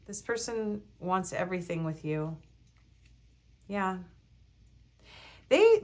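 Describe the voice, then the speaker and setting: Woman, young adult, tarot reader, casual chatty reading, giggly, rambling, lowish voice.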